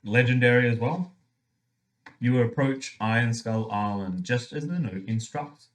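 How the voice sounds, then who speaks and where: A man's voice: medium pitch, measured pace. A man playing a tabletop game, reading game text aloud in a playful way.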